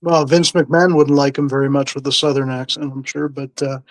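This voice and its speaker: A man's voice: medium pitch, fairly even intonation, brisk, no room sound. A man in a casual chat as a guest, chiming in and laughing.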